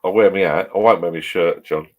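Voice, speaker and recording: Speaking briskly in a low voice, a man in his fifties vlogs from the pub shed at his home. He's had a few beers and wanders from topic to topic, cursing and laughing as he goes.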